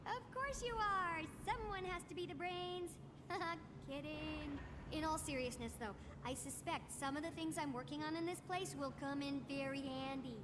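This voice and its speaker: A woman's voice: high voice, moderate pace, noisy background, lightly acted. A woman voicing a bubbly young genius. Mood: upbeat. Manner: eager, excitable, playful.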